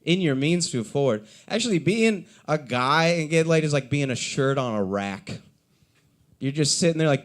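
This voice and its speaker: A man's voice: a little high, lively intonation, moderate pace. A young man performing a stand-up set at an open mic, rambling and self-deprecating, acting out the voices of the people in his stories. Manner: rambling, self-deprecating storytelling with acted-out quotes. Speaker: stand-up comedian. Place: coffee shop open mic.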